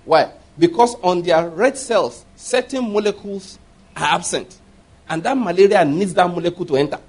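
A middle-aged man preaching a sermon, telling personal stories with animated quoted voices and laughing at his own tales. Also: high voice, normal speed. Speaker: pastor.

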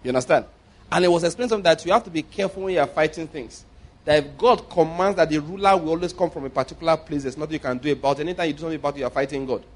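A man's voice: on the high side, rapid-fire. Nigerian man preaching a sermon. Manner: anecdotal, swings between loud emphasis and quiet asides.

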